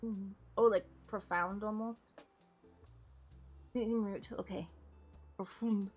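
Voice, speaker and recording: A woman's voice: medium pitch, steady tone, takes it slowly, long pauses, darkish tone. A woman streaming a game, chatting casually to her viewers in a giggly way and stopping often to correct herself. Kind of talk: casual live-stream chat while playing a game. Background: faint game music.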